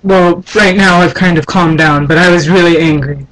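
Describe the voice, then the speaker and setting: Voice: mid-range voice, fairly even intonation, normal speed, fairly bright tone, slight background noise, low-quality recording. Exasperated young vlogger ranting. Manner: indignant, exasperated complaining. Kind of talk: casual ranting vlog.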